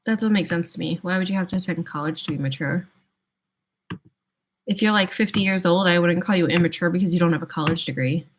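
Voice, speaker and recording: A woman's voice: lowish voice, quick pace, a little hiss or hum. A young woman hosting a casual livestream, chatting with viewers, laughing often and thinking aloud with plenty of "like"s. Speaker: livestream host. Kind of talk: casual chat answering viewers.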